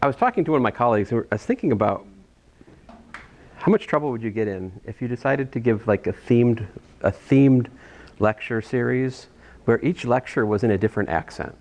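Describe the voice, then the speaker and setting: A man's voice: mid-range voice, lively intonation, brisk, a little mellow, a little hiss or hum. A man teaching a college algebra class in a casual, rambling way, restarting phrases and making jokey asides. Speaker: math instructor. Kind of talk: classroom lecture.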